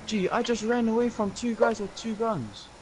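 Dude in party chat, slightly high voice, game sounds clear behind. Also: male voice, fairly even intonation, normal speed, poor audio. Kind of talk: casual gaming chat. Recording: game noise over voice chat.

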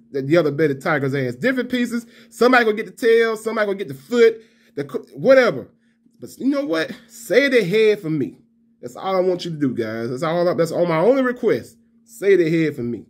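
A man giving a fired-up, profane fan rant to camera. He trash-talks and repeats himself. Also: high-pitched. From Alabama fan. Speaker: college football vlogger.

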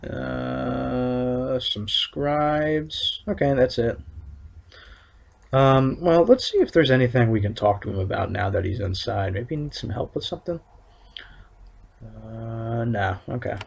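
Guy doing let's play commentary, lots of uhs, husky gravelly voice. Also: medium pitch, takes it slowly. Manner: hesitant, many fillers, thinking aloud. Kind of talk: casual game commentary.

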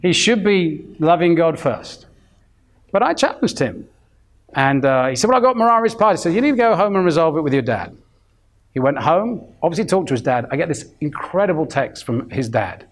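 A man's voice: fairly high pitch, sing-song, moderate pace. A man in his fifties preaching a sermon, telling stories in a chatty way and acting out the voices of the people in them. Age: 50s. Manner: storytelling, acting out quoted voices; chatty, full of restarts.

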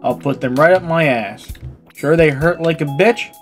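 A woman's voice: low-pitched, moderate pace, faint music behind. A woman giving gameplay commentary in a crude, joking, self-mocking way. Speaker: gaming video creator.

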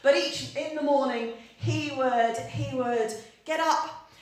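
A woman's voice: high-pitched, slow. A woman in her forties from Yorkshire, preaching a chatty, story-filled sermon and quizzing her congregation. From Yorkshire, England. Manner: chatty, anecdotal, asks the congregation questions. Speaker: pastor. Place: church. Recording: echoey church room.

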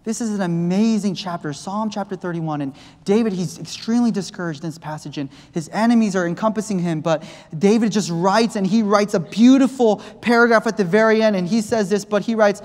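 A man's voice: sits high, fairly quick. Male preacher, impassioned, rising and falling, long church reverb. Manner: impassioned, swinging from loud to hushed. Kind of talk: sermon. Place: church sanctuary.

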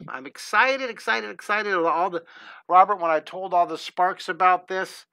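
A middle-aged man hosting a live-streamed drawing lesson, talking excitedly and rambling while he draws. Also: on the high side, dry recording. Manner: enthusiastic, gushing, talks while drawing, many restarts.

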